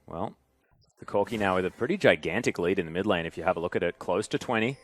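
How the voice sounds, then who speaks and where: A man calling an esports match play-by-play, swinging from relaxed chatter to loud, fast calls in big fights. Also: deep voice. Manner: excitable, rising loud and fast in big plays. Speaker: esports commentator.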